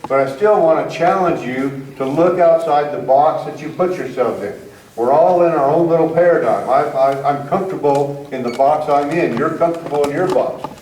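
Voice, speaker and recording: A man's voice: a little high, a little mellow. A middle-aged American man giving a folksy, self-deprecating talk to an audience as a rancher. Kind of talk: public presentation to an audience. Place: meeting hall with an audience. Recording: roomy, distant hall recording with faint noise.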